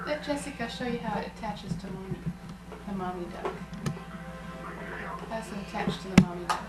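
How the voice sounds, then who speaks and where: A woman's voice: mid-range voice, animated, moderate pace, loud music behind the voice. A woman chatting at home and playing with small children, making duck noises in a sing-song baby-talk way. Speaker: family member at home. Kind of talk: casual family chat, playing with toddlers. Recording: roomy home camcorder from far off, loud noise.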